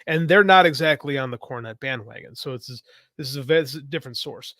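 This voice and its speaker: A man's voice: medium pitch, fast talker, bright, forceful tone, no echo. Guy rambling on a podcast, lots of ums and restarts, mid voice, dry close mic. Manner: rambling, self-correcting, many fillers. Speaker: podcast co-host; youth coach. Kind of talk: casual podcast chat.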